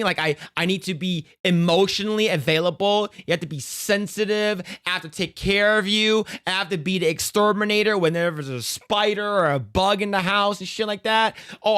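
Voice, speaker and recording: A man's voice: high voice, pushed and bright. A man streaming a reaction to a clip. He rants in a casual, profane way, often stammering and restarting his sentences.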